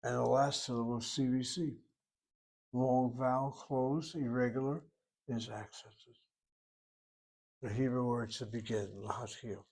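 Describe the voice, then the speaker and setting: A man's voice: mid-range voice, fairly even intonation, measured pace, pauses often, a little mellow. A man teaching a recorded language lesson, working through each word aloud, step by step and methodically. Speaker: Hebrew teacher.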